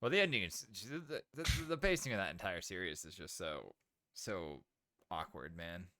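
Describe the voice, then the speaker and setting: A man with a lowish, smooth and bright voice talks on a podcast. He is laid-back and slangy, and his talk is full of "bro" and "man". The sound is dry and close. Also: expressive, normal speed, no room sound. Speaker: podcast co-host. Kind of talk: casual chat.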